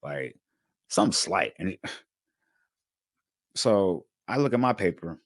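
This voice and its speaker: Deep-voiced man telling a story casually. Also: slow pace, no echo, clean studio sound. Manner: animated, slangy, lots of fillers, acts out quotes. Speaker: channel host telling his story.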